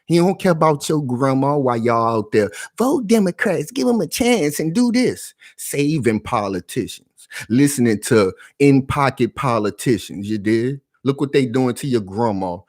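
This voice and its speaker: A man's voice: medium pitch, big pitch swings, normal speed, hardly any pauses, a little mellow. Emphatic man in casual slang commentary. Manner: emphatic, street slang, repeats "y'all".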